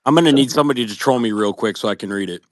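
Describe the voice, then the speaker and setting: Brief: man, mid pitch, playful joker, dry close sound. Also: very fast, no echo. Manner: joking, laughs often, swears. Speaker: participant in an online chat. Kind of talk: casual chat.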